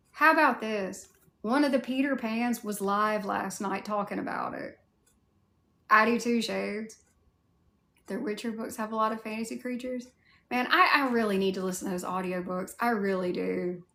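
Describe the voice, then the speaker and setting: A woman's voice: medium pitch, vocal fry, sharp tone. A woman with a Southern US accent chatting casually on a livestream, answering viewer comments in a candid way with mild swearing. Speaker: cosplay livestreamer.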